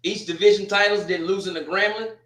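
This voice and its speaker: A man's voice: high voice, steady tone, a little fast, a bit bright, reverberant. A man hosting a casual sports talk stream, teasing and trash-talking a team and repeating his points. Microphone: streaming setup.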